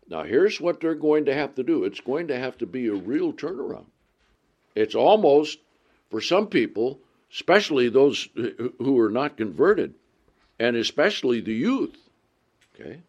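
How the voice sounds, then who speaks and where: A man preaching a sermon, pressing his points with rhetorical questions and drawn-out stresses. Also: medium pitch, very animated. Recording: dull lo-fi recording.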